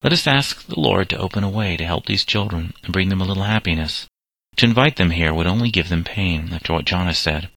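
A man reading the lines of a grave, devout father who is a doctor in a storybook, in his own low voice. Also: fairly quick, pushed and bright, no room sound, heavily acted.

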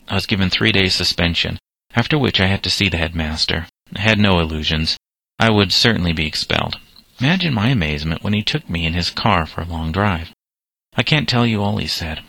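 A man reading a kindly, earnest middle-aged doctor in an audiobook, in a gentle, fatherly way. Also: deep voice, creaky, no room sound, heavily acted, poor audio.

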